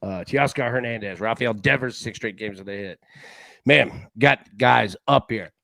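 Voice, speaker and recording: An excitable man hosts a live betting show in a loose, slangy way, often stumbling and restarting his words. His voice sits at an ordinary middle pitch. The sound is dry and close, with no room echo. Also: normal speed, vocal fry. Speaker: sports betting show host. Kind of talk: casual live-show commentary.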